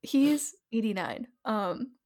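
A woman's voice: fairly high pitch, expressive, takes it slowly, darkish tone. A young woman co-hosting a podcast, chatting casually and laughing often. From New Jersey family roots. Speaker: podcast co-host. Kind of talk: casual chat.

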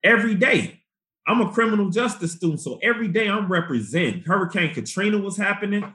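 A man in his forties from Chicago, a guest activist telling his story in an animated, profane, slangy way. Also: high voice, fast. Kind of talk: candid storytelling interview.

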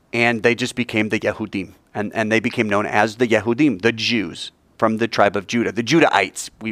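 A man's voice: medium pitch, fairly bright tone, dry recording. A man teaching a Bible class, joking and playful with his students.

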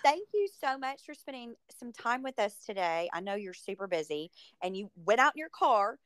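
A woman's voice: mid-range voice, big pitch swings, moderate pace, a bit bright, clean tone, no room sound. A woman hosting a podcast interview, enthusiastic and gushing. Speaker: podcast host. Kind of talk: casual interview.

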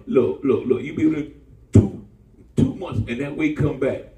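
A man's voice: a little slow, soft background music. A man preaching a sermon to a church congregation, calling for responses and mixing humor with warnings. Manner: call-and-response preaching, jumps to high excited pitch. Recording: roomy church from far off.

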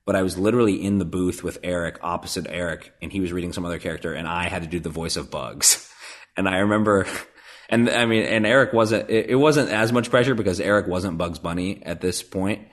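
A man with a very low, deep voice talks loosely as a guest on a podcast. He rambles, restarts and pokes fun at himself while recalling his voice work. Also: a little fast. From Nebraska. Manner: rambling, self-deprecating, fillers and restarts. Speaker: voice actor guest. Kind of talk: casual podcast chat.

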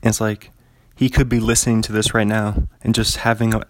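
A man's voice: fairly low pitch, flat delivery, a little fast, noisy background. A man hosting a casual solo podcast from his apartment, rambling in a laid-back way with lots of fillers. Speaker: podcast host. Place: home apartment.

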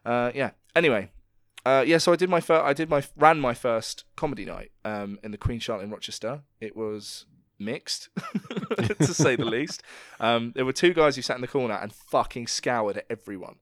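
A man's voice: medium pitch, lively intonation, moderate pace, a bit bright, no room sound, studio quality. A man co-hosting a podcast, telling a story in casual chat, swearing freely and acting out the quotes. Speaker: podcast co-host.

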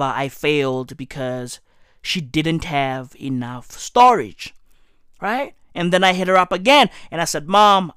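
A high-pitched South African man ranting in a comic monologue, his voice leaping wildly up and down as he shouts and swears in exasperation. He speaks slowly and deliberately, with a bright, sharp edge. The sound is dry and close, with no room around it. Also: smooth, no echo. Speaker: comedian. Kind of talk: profane comedic rant.

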